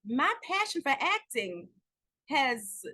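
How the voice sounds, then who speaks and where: A woman, an actress, chatting candidly in an interview, telling stories with lively acted-out quotes and at times close to tears. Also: sits high, takes it slowly. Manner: animated storytelling, acts out quoted dialogue, near tears at times. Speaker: guest actress.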